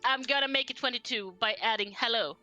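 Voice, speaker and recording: A woman playing a tabletop game, playful and quick to laugh. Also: on the high side, bright, forceful tone, soft background music. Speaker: player.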